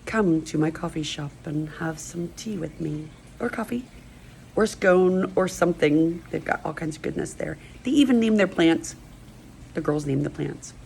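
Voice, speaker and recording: The vlogger here is a middle-aged woman whose low, creaky voice has a darkish tone and moves at normal speed. She rambles emotionally, stream-of-consciousness, through a personal video monologue, and the poor recording carries a little hiss or hum.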